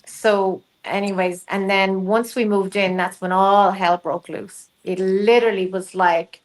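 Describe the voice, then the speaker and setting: Animated middle-aged woman telling a story. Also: medium pitch, measured pace, hardly any pauses, poor audio. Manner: animated storyteller, acts out quoted voices. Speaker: guest medium. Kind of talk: casual storytelling interview.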